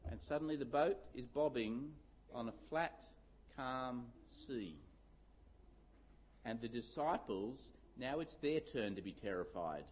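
A middle-aged man preaching a sermon, telling a story with lively acted-out shouts. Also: medium pitch, slow pace, husky. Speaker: pastor. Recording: dull lo-fi sound.

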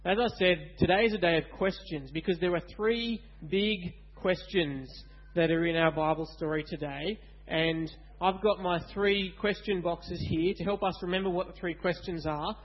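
Man, high voice, animated, quizzing children, church talk, muffled recording. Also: normal speed. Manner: animated, asks kids questions. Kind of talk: lively children's Bible talk.

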